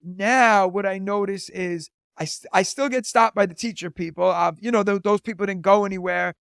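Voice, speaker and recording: A man's voice: high-pitched, normal speed, creaky, fairly bright tone, clear, resonant tone, dry recording, studio quality. A man in his thirties, a teacher and comedian, chatting as a podcast guest and telling stories full of "like" fillers. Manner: chatty storyteller, lots of "like" fillers. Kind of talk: casual interview chat.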